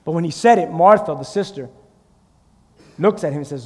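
A male pastor preaching a sermon with animated storytelling, putting questions to the congregation. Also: a little high, normal speed, big-room sound.

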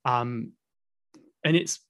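A man from Cornwall talks in a Received Pronunciation accent with a slight Southwest English trace. He explains thoughtfully and hedges his points with fillers. His voice sits at a middle pitch for a man. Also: extremely slow, fairly bright tone. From Cornwall, England. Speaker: English teaching podcast host, interview guest. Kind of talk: casual explanatory chat.

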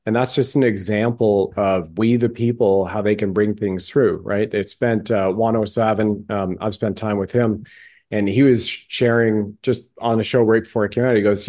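A man's voice: lowish voice, steady tone, normal speed, darkish tone. A male podcast host interviewing a guest in a fervent, emphatic, folksy way. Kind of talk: interview conversation.

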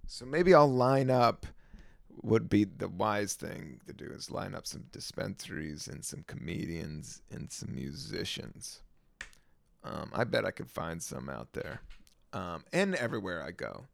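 A relaxed man with a gravelly, heavily creaky voice drifts from thought to thought in a loose podcast monologue. He leans on fillers and restarts. The sound is close and dry, with no room around it. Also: low voice, a little slow, no echo. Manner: relaxed, meandering, lots of fillers. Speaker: podcast host and stand-up comedian. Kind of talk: casual rambling monologue.

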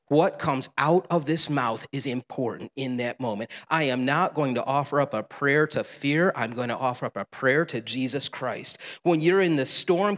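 A man's voice: mid-range voice, a bit bright. Humorous male pastor preaching in a hall. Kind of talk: sermon. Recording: long reverb of a large hall.

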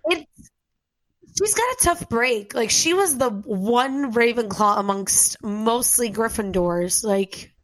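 A woman's voice: on the high side, expressive, slow pace, dry recording, low-quality recording. A young woman co-hosting a podcast, chatting and teasing her friends playfully. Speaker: podcast co-host. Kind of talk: casual podcast chat.

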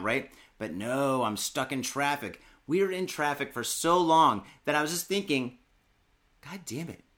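A man's voice: medium pitch, a bit bright. A young man from Michigan, chatting casually as a podcast co-host, rambling and swearing constantly. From Michigan, USA. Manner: profane, rambling, heavy cursing and filler.

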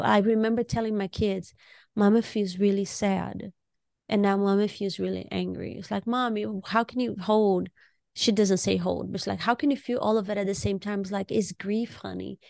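A woman podcast co-host and music therapist, talking in an expressive, heartfelt way and often repeating words as she starts a thought. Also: a little high, creaky, dry recording. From Latino community. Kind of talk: casual conversation.

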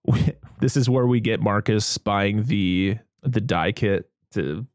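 A man's voice: on the low side, slow, darkish tone, no echo, studio quality. A man chatting casually as a podcast host, recapping a film, laughing often and acting out the characters' lines. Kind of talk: casual chat.

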